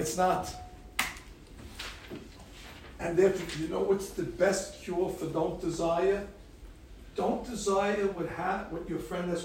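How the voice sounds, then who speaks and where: A rabbi tells stories to a group of girls, acting out each person he quotes. His voice is a little high and gravelly. The sound comes from a distant mic in a very echoey room with faint background noise. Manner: animated storyteller acting out the people he quotes. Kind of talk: storytelling talk to a group of girls.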